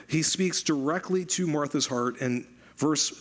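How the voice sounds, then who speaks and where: A man preaching a sermon as pastor, conversational and animated, repeating phrases for emphasis. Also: a little high, unhurried.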